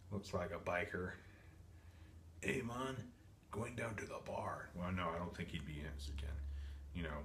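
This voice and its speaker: A man casually narrating as he unboxes and shows off a vintage toy, rambling and correcting himself with lots of ums. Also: deep voice. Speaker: toy collector vlogger. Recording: echoey room with steady background noise.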